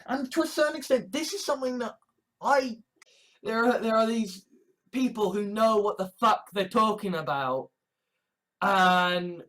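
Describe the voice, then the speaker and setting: A woman's voice: a little high, unhurried, fairly bright tone. A woman from England talking in a rambling, profane monologue full of restarts and swearing. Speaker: vlogger.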